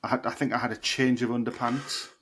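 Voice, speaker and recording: A man's voice: mid-range voice, fast talker. A man co-hosting a podcast, telling a rambling story in casual chat and swearing freely. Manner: animated, swearing, laughing storyteller. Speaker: podcast co-host. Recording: noisy podcast recording.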